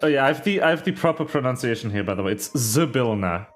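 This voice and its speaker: Game master guy, mid pitch, quick little asides, picky about pronouncing names. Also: expressive, faint music behind. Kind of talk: casual table talk.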